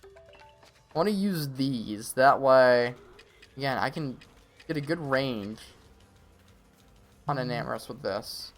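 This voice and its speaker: Animated man streaming a game. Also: mid-range voice, soft background music. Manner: talks to himself and the game, quick reactions. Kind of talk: live gameplay commentary.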